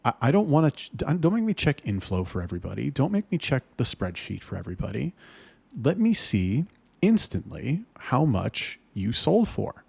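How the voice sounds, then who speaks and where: A man's voice: medium pitch, very animated, normal speed, gravelly, husky, dry recording. A man talking to camera about managing his sales staff, blunt and heated, swearing often. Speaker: business owner talking to camera. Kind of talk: casual rant to camera.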